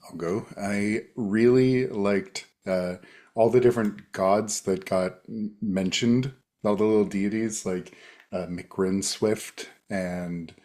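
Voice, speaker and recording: A man's voice: lowish voice, steady tone, takes it slowly, a little mellow. A man, a player in a tabletop game, chatting casually and hesitantly about the session. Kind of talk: casual chat.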